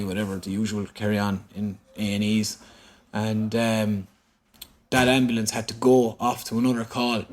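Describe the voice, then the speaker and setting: A man in his thirties with a Cork Irish accent, telling a personal story openly as a podcast guest, halting and full of fillers. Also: lowish voice. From Ireland. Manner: open, halting, repeats himself with many fillers. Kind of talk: candid storytelling. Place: indoor room in San Francisco.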